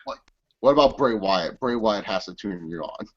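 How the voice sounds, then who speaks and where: A young man hosts a loose, joking chat, swearing freely and sliding into impressions. His pitch moves around a lot. The recording sounds dull and lo-fi. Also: lively intonation, moderate pace, crowd noise. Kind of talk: casual chat.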